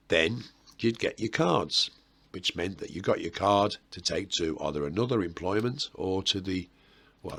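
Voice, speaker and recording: A low, husky-voiced man with a Birmingham accent talks to camera about history. His delivery is chatty and meandering, and he drops in playful asides as he explains things. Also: a bit bright. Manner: chatty and rambling, with self-mocking asides. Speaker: history video host.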